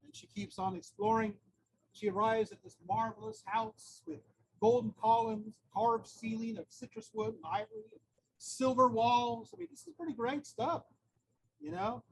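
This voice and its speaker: Man, lecturer, very high voice, gravelly, chatty storytelling, joking asides, outdoors. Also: normal speed, low-quality recording. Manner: chatty retelling with humorous asides and filler words. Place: outdoors near a busy street corner. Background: faint traffic noise.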